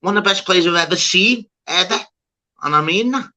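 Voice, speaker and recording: A man's voice: high voice, expressive, brisk, pushed and bright. A man hosting a livestream, chatting casually, swearing and laughing, calling everyone "lad" and "mate". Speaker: livestream host. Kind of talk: casual chat.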